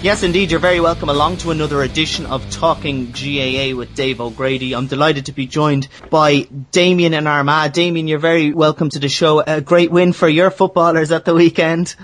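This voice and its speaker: Chatty Irish sports talk host. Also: male voice, a little high, fairly even intonation, fairly quick, hardly any pauses, fairly bright tone, faint music behind. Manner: chatty, friendly interviewer. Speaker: radio show host. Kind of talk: casual sports talk show.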